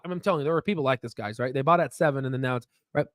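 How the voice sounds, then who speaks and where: A man hosting a casual stock market video, rambling and excitable, with frequent profanity and restarts. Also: medium pitch, racing, dry recording, clean studio sound. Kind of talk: casual market commentary with screen share.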